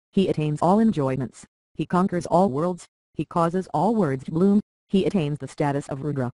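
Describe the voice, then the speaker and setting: A voice reading a translated scripture aloud in a slow, even recitation, verse by verse, with Sanskrit terms. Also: mid-range voice, no room sound, poor audio.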